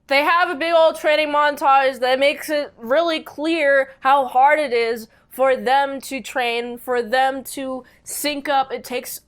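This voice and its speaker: A woman's voice: sits high, fairly even intonation, slow, few pauses. A woman giving a casual, rambling comic book review, gushing with enthusiasm and restarting her sentences.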